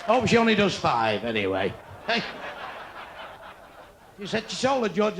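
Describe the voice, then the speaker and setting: Brash gravelly older comedian, crowd roaring. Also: male voice, high-pitched, big pitch swings, moderate pace, pauses often. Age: 60s. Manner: brash, crude, teasing the audience. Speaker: stand-up comedian. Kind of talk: live stand-up comedy. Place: comedy club stage before a live audience. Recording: noisy live room with crowd laughter.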